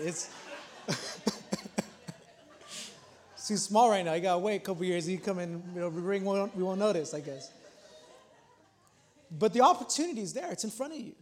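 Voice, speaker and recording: Male pastor, thirties, very high voice; casual sermon that builds by repetition, small church. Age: 30s. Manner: casual, repeats himself, builds to emphatic points. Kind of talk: conversational sermon.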